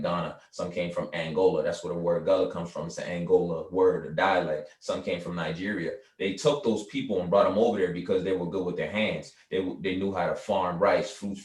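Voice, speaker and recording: Low-voiced man, echoey and distant. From South Carolina Lowcountry. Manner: earnest, explanatory, frequent "you know". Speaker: guest, artist and cultural foundation founder. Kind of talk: conversational interview.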